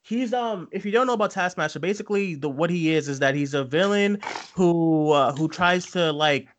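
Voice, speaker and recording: A man hosting a podcast, telling stories excitedly, often stumbling and restarting his sentences and swearing now and then. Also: on the high side, moderate pace, slight background noise. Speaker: podcast host. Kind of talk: casual chat.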